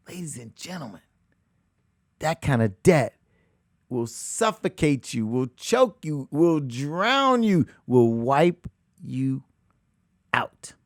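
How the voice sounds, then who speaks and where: A man hosting a money talk show as a real estate coach, talking emphatically, repeating phrases and swinging between loud outbursts and hushed asides. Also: mid-range voice, no echo, clean studio sound. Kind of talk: animated motivational talk.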